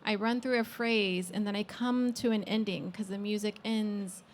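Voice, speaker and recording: A woman panelist and harpist talking in a relaxed, thoughtful way, with frequent pauses on "um.". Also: medium pitch, a little hiss or hum. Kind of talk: casual panel talk.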